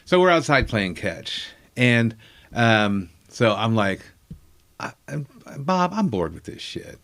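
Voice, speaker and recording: A man's voice: medium pitch, sing-song, takes it slowly, a bit bright. A comedian telling a profane, self-mocking story from his childhood in casual chat.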